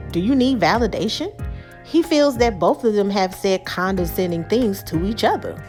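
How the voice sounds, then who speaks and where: A woman vlogger, recapping a reality show in a casual, animated way and acting out the quotes. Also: medium pitch. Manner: animated, dramatic, acts out quotes.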